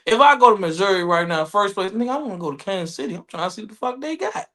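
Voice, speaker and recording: Animated high-voiced man, lively and profane. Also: very fast. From Maryland. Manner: animated, profane, repeats himself. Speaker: podcast co-host. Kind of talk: casual chat.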